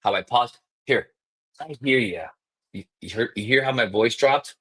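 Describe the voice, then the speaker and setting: Energetic man coaching sales live. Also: mid-range voice, breathy edge. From South Florida. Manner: energetic, fast, emphatic, demonstrates scripts.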